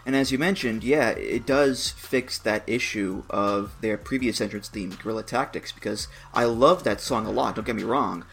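A man's voice: lowish voice, moderate pace, vocal fry, few pauses, slightly rough. A man hosting a podcast, chatting casually and telling stories with enthusiasm. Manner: enthusiastic, animated storytelling. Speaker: podcast host.

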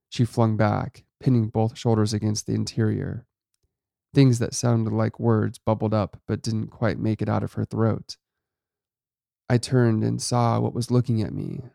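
A man narrating a first-person horror story in a steady, low-key way. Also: vocal fry, dry recording, studio quality.

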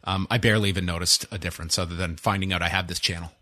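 A man's voice: low-pitched, steady tone, racing, bright, forceful tone, dry recording. A man hosting a casual podcast, rambling with dry sarcasm. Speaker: podcast host.

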